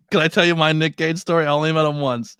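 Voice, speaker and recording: A man's voice: fairly high pitch, steady tone, brisk, fairly bright tone, smooth, dry recording. A man from Pennsylvania hosting a podcast, telling stories animatedly, swearing freely and laughing often. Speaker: podcast host. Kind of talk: casual interview chat.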